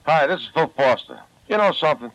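A man with a Brooklyn accent, a joking pitchman in a comic radio ad. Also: sing-song, fast, fairly bright tone. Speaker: ad spokesman. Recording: dull old radio broadcast.

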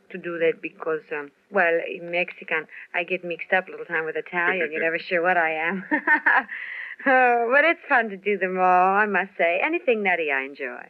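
A woman's voice: lowish voice, moderate pace. A woman entertainer chatting in a radio interview, rambling, laughing and using lots of fillers. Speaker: entertainer guest. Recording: tinny old radio broadcast.

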